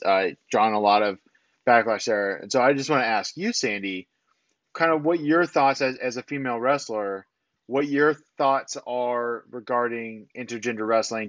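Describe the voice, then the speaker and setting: A man's voice: fairly low pitch, dry recording, highs cut off. A man co-hosting a podcast, casually recapping a wrestling show and acting out what the wrestlers said. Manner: animated recapping, acts out quotes. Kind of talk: casual chat.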